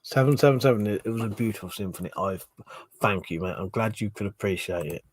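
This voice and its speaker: A man's voice: on the low side, quick pace, a little hiss or hum. A man hosting a casual live stream, drunk, swearing a lot and laughing as he reads viewer comments. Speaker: livestream host.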